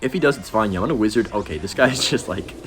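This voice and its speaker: Fast-talking deep-voiced young man gaming. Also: lively intonation, a bit bright, slight background noise. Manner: rambling, self-deprecating, quick reactions. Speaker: gaming commentator. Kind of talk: casual gameplay commentary.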